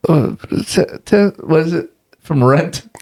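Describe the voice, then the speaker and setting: A man's voice: on the high side, unhurried, creaky, a little mellow. A young man co-hosting a casual podcast chat, joking and swearing, laughing often. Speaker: podcast co-host.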